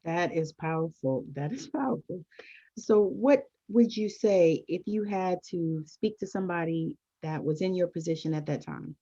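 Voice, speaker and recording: A woman's voice: on the low side, moderate pace, warm tone. A woman hosting a podcast, encouraging her guest and affirming her answers as she asks questions. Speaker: podcast host. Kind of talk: casual interview chat. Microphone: video call. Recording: dull lo-fi audio.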